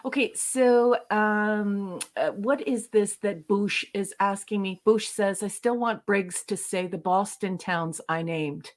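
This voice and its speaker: A woman's voice: medium pitch, slow pace, hardly any pauses. A woman from Canada co-hosting a livestream in casual chat, reading viewer comments aloud and laughing often. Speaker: livestream co-host.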